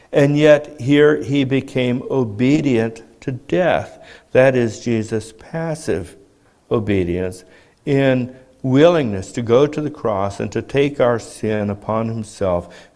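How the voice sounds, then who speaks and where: A man preaching a sermon in a measured teaching tone, asking rhetorical questions as he explains. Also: mid-range voice, darkish tone.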